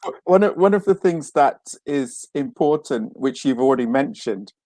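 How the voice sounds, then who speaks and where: Casting note: male interview host, mid-pitched, halting questions, dry sound. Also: expressive, a little mellow, no echo. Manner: brief backchannels, hesitant questions. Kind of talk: casual interview.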